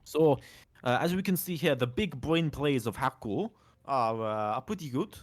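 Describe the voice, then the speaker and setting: A man's voice: medium pitch, expressive, normal speed. Playful British man casting a game. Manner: joking, playful banter. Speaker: esports caster. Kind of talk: casual game commentary.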